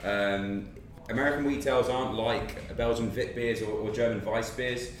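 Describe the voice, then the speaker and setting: A man's voice: mid-range voice, fairly even intonation, normal speed. A man talking about beer as a brand guest on a podcast, explaining in detail with many fillers, recorded in a pub. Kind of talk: casual podcast chat. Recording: roomy pub with faint background noise.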